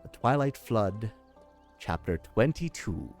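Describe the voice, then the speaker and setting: Male stream host, relaxed and chatty, slow lively speech, faint music. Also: on the low side. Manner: easygoing, chatty. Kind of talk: live game dub and commentary.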